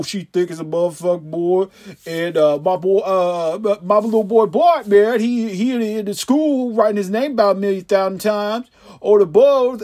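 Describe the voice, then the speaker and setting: A man's voice: sits high, a little mellow. A man playing a young male stoner who rambles through a pop culture review in heavy street slang. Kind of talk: comedy sketch monologue.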